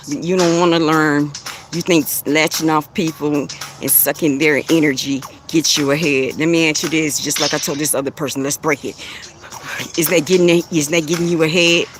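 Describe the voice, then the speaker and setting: Laughing, taunting man, high voice. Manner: blunt, taunting, laughs often, repeats phrases. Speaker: live stream host giving spiritual readings. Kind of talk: casual live-stream talk addressing commenters.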